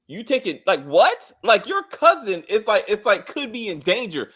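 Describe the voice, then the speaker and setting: Lively high-voiced man ranting. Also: normal speed, few pauses, slightly rough. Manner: animated, blunt, cursing, frequent restarts. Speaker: TV show reviewer, co-host. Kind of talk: casual spoiler review chat.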